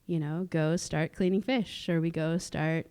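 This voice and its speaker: Her voice sits low and moves a little slowly, with fairly even intonation and a slightly mellow, clean tone. Recorded on a theatre stage, this woman from the Musqueam community in Canada is a guest speaker at a cultural sharing, chatting through personal stories with many fillers, restarts and frequent laughs.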